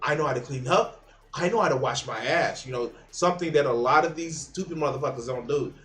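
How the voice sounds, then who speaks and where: A man's voice: medium pitch, a little fast, fairly bright tone. A man hosting a livestream, giving blunt, profane reaction commentary with frequent restarts. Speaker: livestream host reacting to videos.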